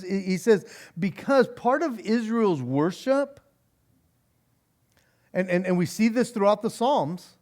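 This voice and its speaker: High-voiced animated pastor teaching. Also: male voice. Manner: animated, stumbles and repeats words, laughs often. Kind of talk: Bible study teaching.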